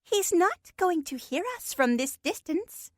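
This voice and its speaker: A woman's voice: extremely high pitch, expressive, measured pace, no room sound, clean studio sound, pitched above the performer's own voice. A woman voicing a cheeky, blunt young female pixie who talks in a chirpy, offhand way. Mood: perky.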